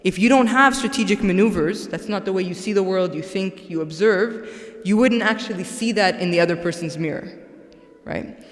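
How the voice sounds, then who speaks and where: A woman's voice: medium pitch, normal speed. A woman giving a religious talk to a congregation, conversational, often checking in with "right?". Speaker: guest speaker. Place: large mosque hall. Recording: echoey hall with long reverb.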